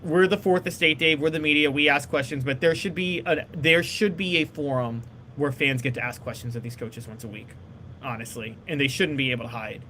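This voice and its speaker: A man co-hosting a casual sports talk show, opinionated and quick with his points. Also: a little high, sharp tone, a little hiss or hum. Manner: opinionated, fast-talking.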